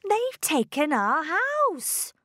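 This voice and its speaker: A woman puts on a fretful, tearful mother from a children's story. Her lines come high, slow and carefully spaced, with a lively, swooping pitch. The recording is dry and close. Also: no room sound, exaggerated voice. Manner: slow, careful read-aloud delivery, raised pitch.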